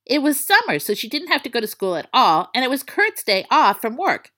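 A woman reading a story aloud in a playful, expressive way. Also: high-pitched, fairly quick. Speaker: narrator. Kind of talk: storybook fan-fiction reading.

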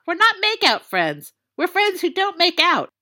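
A woman voicing a teenage boy with a bad cold, rough and congested as he talks. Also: extremely high pitch, wildly swooping pitch, measured pace, sharp tone, voice pushed up, exaggerated voice. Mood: miserable, croaky. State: sick with a cold.

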